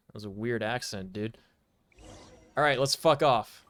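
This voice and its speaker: A man's voice: fairly low pitch, a bit bright. A man streaming a video game, commenting casually with joking, profane asides. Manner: joking, profane, slow and drawn out.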